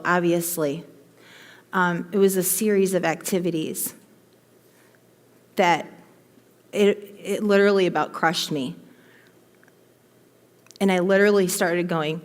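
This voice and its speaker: A woman telling a heartfelt personal story to her team in an emphatic, animated way, in front of a live audience. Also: mid-range voice. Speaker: motivational speaker to her team. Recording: long hall reverb.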